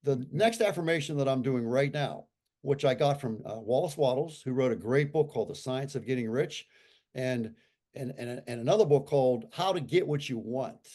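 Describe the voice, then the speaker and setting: Animated, emphatic man in his sixties. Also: mid-range voice, moderate pace. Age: 60s. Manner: animated and emphatic, repeats points for effect. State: recovering from a stroke. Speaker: interview guest. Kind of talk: casual conversational talk.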